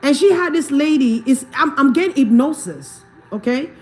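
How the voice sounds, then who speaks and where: High-voiced emphatic woman livestreaming. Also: animated, moderate pace, darkish tone, faint music behind. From Africa. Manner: emphatic, repeats points, asks if the listener understands; laughs often while talking. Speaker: livestreamer and spiritual reader. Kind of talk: casual livestream talk.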